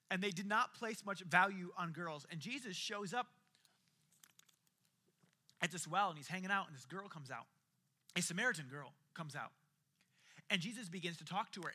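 A male pastor delivers a sermon in a casual, talkative way. His voice is high and very bright, and he slips in wry asides. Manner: conversational and animated, with jokey asides.

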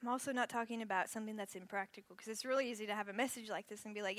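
A young adult youth pastor preaches a sermon to young people, lively and casual, moving from loud storytelling into a hushed, earnest prayer tone. Her voice is mid-range, and she races along with few pauses.

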